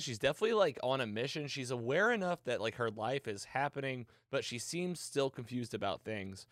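An excited man hosts a casual podcast and retells a TV episode with lively storytelling. His voice sits at a middle pitch and is recorded close and dry, with almost no room sound. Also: brisk, hardly any pauses, dry recording. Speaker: podcast host recapping a TV episode.

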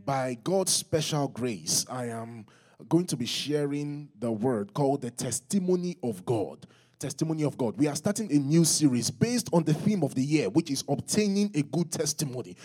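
A man's voice: animated, moderate pace. A male pastor with a Nigerian accent preaching a sermon and calling on the congregation to respond aloud. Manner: rises higher and louder when teaching.

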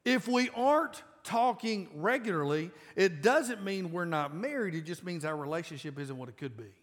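A man in his forties preaching a sermon to a congregation in a casual, emphatic way that breaks into loud bursts. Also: sits high, animated, normal speed. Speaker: pastor. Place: large church auditorium. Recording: live church sound with long reverb.

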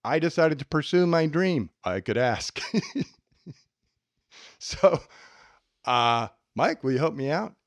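A man's voice: a little high, slow, pauses often, dry recording. A man co-hosting a self-help podcast, teaching and acting out little everyday scenes. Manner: animated, acts out little scenes. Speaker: podcast co-host.

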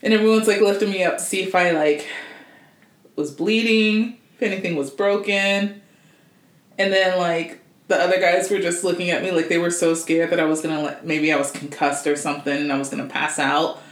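A woman's voice: fairly low pitch, fairly even intonation, a little fast. A woman co-hosting a casual chat, telling stories in a slangy, laughing manner. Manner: chatty storyteller, frequent laughter, slangy. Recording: roomy echoey room.

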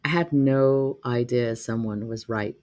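A man telling a personal story in a reflective, halting way, with many pauses and restarts. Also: mid-range voice, a little mellow.

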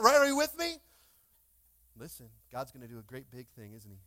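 A young man preaching a lively sermon as pastor, calling out to his congregation in church. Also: medium pitch, fairly quick, pauses often. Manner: animated, calls out to congregation.

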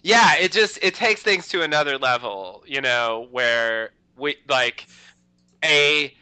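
A man's voice: mid-range voice, slow, bright, forceful tone, clear, resonant tone, no echo, poor audio. A man co-hosting a podcast in casual chat, rambling and peppering his talk with "you know" and restarts. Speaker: podcast host.

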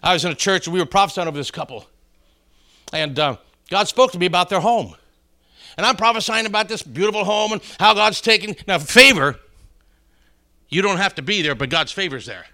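A man's voice: high-pitched, expressive, fairly quick, pauses often, pushed and bright. A middle-aged man preaching a sermon, telling folksy joke stories and calling out to his congregation. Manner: folksy storytelling, calls out to congregation.

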